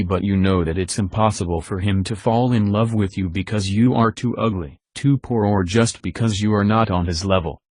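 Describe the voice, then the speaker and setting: A man's voice: lowish voice, darkish tone, no echo. A synthetic male text-to-speech voice delivering religious narration, robotic in an evenly paced preaching monologue.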